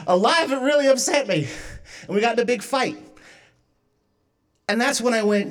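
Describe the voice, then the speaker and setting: Animated, laughing young woman comedian. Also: fairly high pitch, slow pace, pauses often. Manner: animated, self-mocking, laughing through lines. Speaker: stand-up comedian. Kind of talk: stand-up comedy set. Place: comedy stage.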